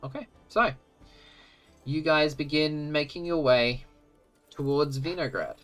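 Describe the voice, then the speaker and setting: A woman narrating as game master of a tabletop game, slow and halting with many ums. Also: low-pitched, lively intonation, faint music behind.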